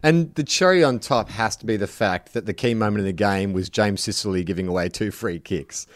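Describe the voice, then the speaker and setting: A man's voice: lowish voice, fairly quick, no echo. A man co-hosting a podcast, adding short dry jokes to the conversation. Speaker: podcast co-host. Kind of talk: casual chat.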